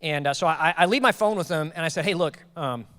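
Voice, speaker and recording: A man in his thirties preaching a sermon as pastor, telling a personal story with jokes and lively quoted dialogue. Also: fairly high pitch, a little fast. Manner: animated, joking, quotes people in raised voices. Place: church auditorium. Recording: long hall reverb.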